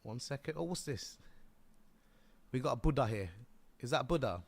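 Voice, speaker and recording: A man chatting excitedly and swearing while live-streaming and showing off his game. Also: mid-range voice, normal speed. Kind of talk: casual live-stream chat.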